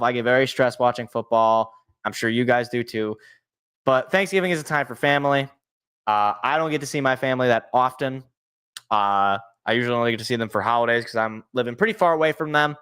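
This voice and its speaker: A man's voice: medium pitch, fairly bright tone, clear, resonant tone. A young man hosting his own sports show, chatting casually and rambling into joking, self-deprecating tangents. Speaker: sports podcast host. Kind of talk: casual solo sports talk.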